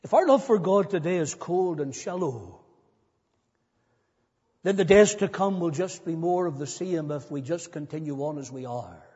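A man's voice: on the high side, moderate pace, darkish tone, husky. A male pastor preaching a sermon in a church, earnest and building to emphatic repetition. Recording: long church reverb, dull lo-fi sound.

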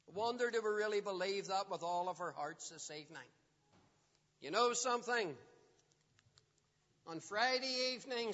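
A man with a high, bright voice preaches to children, often stopping to put questions to them. The sound is dull and lo-fi, with a long reverb from the hall around him. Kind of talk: children's gospel talk.

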